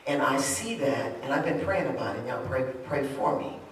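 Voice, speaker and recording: A woman preacher, moving between loud shouted preaching and low, confiding talk in a sermon. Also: expressive, normal speed, slight background noise. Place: church. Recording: echoey church hall, distant mic.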